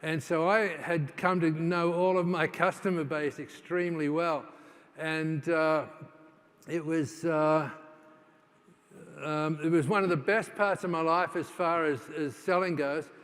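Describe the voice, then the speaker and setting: A man with a slightly high voice gives a keynote to a live audience, telling his story in a loose, conversational way full of "uh"s and restarts. He slips into the voices of people in his story as he goes. His voice carries the long reverb of a large conference hall. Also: steady tone, unhurried, fairly bright tone. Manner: conversational, with many fillers and restarts; acts out quoted dialogue in his stories. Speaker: keynote speaker.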